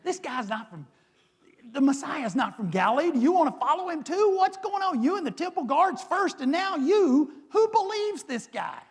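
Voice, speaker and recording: A preacher putting on shrill scoffing priests. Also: male voice, big pitch swings, normal speed, in a large hall, heavily acted. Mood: indignant. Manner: shrill, incredulous, mocking. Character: indignant male religious leaders, scoffing and shrill.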